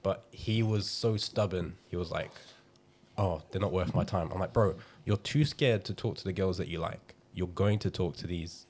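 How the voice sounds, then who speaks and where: A man's voice: low voice, moderate pace, darkish tone, husky. A man who coaches confidence, telling a candid story on a casual podcast, laughing and acting out what people said. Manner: candid, laughing, acts out quoted dialogue.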